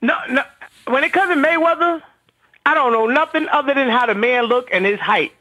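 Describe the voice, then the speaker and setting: High-voiced animated man chatting. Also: brisk, poor audio. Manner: animated storyteller, acts out quotes. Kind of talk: casual live-stream chat.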